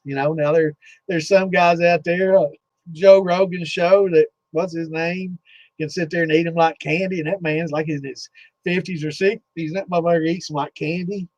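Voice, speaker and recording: A man's voice: a little high, no room sound. A man hosting a distilling Q&A chat, telling a rambling story full of cursing and fillers, with a slightly dull lo-fi sound. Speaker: host of a distilling Q&A livestream.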